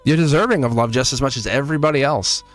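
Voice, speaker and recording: A man's voice: medium pitch, quick pace, soft background music. Chatty, reassuring male tarot reader. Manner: chatty and reassuring, often asks "see?" and chuckles. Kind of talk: casual tarot reading to camera.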